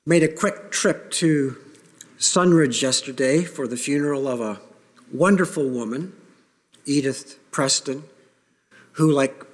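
Man, pastor, earnest sermon, somewhat high voice, reverberant sanctuary. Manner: earnest, emphatic preaching with pauses. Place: church sanctuary. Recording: long reverb of a church hall.

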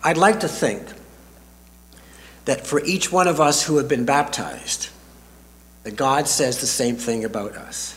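An older man preaching a sermon as a pastor, slow and deliberate with dramatic pauses, speaking in a church sanctuary. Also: mid-range voice, a bit bright. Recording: reverberant hall.

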